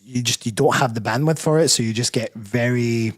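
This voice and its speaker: A man's voice: mid-range voice, fairly quick, breathy edge. Rambling Scottish man, thinking aloud. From Scotland. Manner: reflective, rambling, frequent self-corrections. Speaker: personal trainer and bodybuilder guest. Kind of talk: casual podcast interview.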